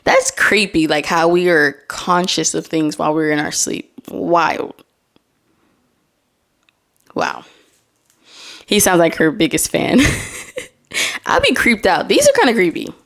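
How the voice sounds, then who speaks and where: A young woman hosts a relaxed solo podcast, chatting through posts she reads aloud. Her voice sits a bit low for a woman. She breaks into laughing asides as she goes. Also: slow pace, long pauses. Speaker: podcast host. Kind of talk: casual solo chat.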